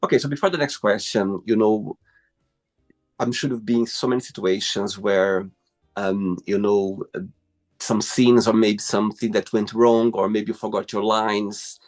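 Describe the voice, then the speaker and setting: A man's voice: on the low side, steady tone, measured pace, a little mellow, soft background music. A man hosting an interview, encouraging and enthusiastic, with broken phrasing. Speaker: host.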